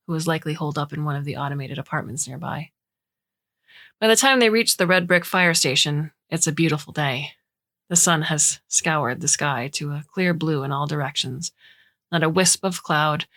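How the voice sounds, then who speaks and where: A woman narrating a short science fiction story in a measured, even reading. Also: low-pitched.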